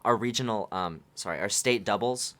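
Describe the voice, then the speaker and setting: A man's voice: fairly low pitch, normal speed, fairly bright tone. A young man co-hosting a podcast, chatting casually and mostly answering with short replies. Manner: brief back-channel replies, laughs along. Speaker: podcast co-host. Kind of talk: casual chat.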